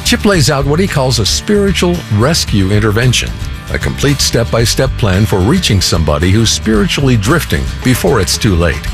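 A man's voice: medium pitch, very animated, moderate pace. Male announcer over guitar music. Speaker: radio program announcer. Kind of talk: scripted announcer introduction.

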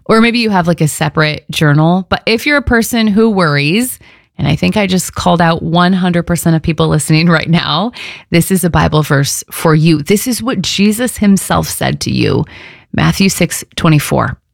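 A woman's voice: fairly low pitch, expressive, normal speed, vocal fry, dry recording, studio quality. A woman radio host giving a casual, upbeat devotional talk. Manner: chatty, upbeat, conversational.

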